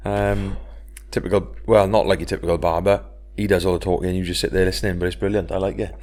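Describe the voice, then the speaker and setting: A man in casual podcast chat, easygoing and quick with banter. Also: deep voice, little pitch movement, darkish tone. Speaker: podcast co-host.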